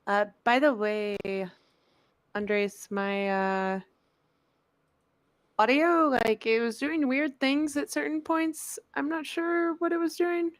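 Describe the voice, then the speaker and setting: A woman with a fairly high voice co-hosting a podcast. She chats casually and hesitates a little as she talks. Her voice is recorded close and dry. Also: slow pace, dry recording. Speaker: podcast co-host. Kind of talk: casual live podcast chat.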